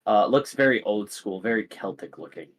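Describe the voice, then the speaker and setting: A man's voice: fairly low pitch, lively intonation, a little fast. A man narrating as game master, rambling with many fillers.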